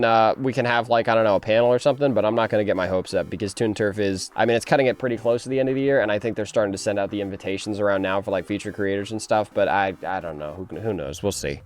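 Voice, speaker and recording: A young man doing casual reaction commentary, rambling and jumpy, often laughing and breaking into high shrieks of surprise. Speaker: animator and video host.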